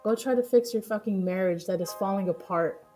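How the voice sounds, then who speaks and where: A woman's voice: mid-range voice, a little fast, warm tone, soft background music. A woman streamer reacting to news stories live, ranting heatedly with lots of swearing and laughter, over choppy stream audio.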